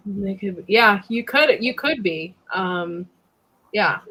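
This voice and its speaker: Brief: woman, thirties, relaxed casual host who reacts briefly and reads out viewer comments. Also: mid-range voice, slow, poor audio. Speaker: host of a talk livestream. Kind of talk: casual chat.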